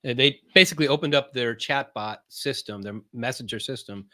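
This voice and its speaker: A man speaking as a podcast guest about his marketing business, talking casually, often pausing on fillers and restarting sentences. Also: medium pitch, bright, forceful tone, no echo, clean studio sound. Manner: halting, many fillers and restarts; explains in plain, loose terms.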